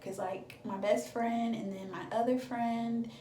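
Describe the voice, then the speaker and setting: A woman's voice: fairly high pitch, fairly even intonation, measured pace, mellow, far from the mic, a little hiss or hum. A young woman in her twenties tells a dramatic storytime, talking in a loose, chatty way with plenty of fillers. She sits back from the mic in a room that rings with echo. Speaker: beauty vlogger. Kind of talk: storytime vlog.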